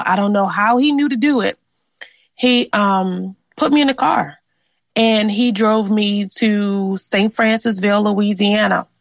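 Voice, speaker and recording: In an interview, a woman earnestly and reflectively shares her family's history, often saying "um" and "like." Her voice is medium in pitch, and the recording is dry.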